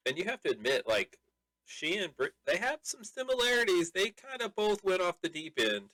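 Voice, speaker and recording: A man's voice: sits high, very animated, normal speed, sharp tone, no echo. A man co-hosting a podcast in casual banter, joking and playful. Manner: joking, playful, puts on silly quoted voices. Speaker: podcast co-host.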